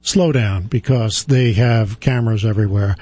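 A middle-aged male radio host talks in an unhurried, rambling way, stopping often for ums and uhs as he restarts his thoughts. His voice is mellow and warm, and it comes across dry and close to the mic. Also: on the low side, no echo, faint music behind. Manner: rambling, hesitant, many fillers and restarts. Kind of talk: casual on-air storytelling.

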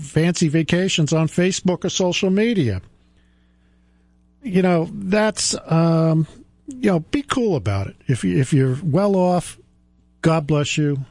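Emphatic radio finance host, dry sound. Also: male voice, fairly high pitch, darkish tone, dry recording. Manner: emphatic, repeats key points, jokes about himself. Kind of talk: radio talk monologue.

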